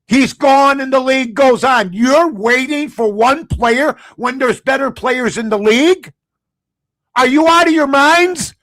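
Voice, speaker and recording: A male sports talk host with a high-pitched voice, recorded close and dry. He is blunt and sarcastic. He drops to low mutters, then bursts out loud. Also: no room sound. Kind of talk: opinionated sports talk rant.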